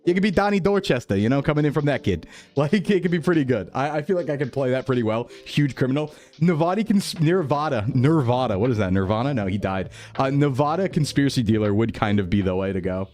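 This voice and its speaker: A man's voice: medium pitch, animated, quick pace, a little mellow. A young man chatting casually on a live stream, rambling, reading chat aloud and laughing often. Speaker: VTuber streamer.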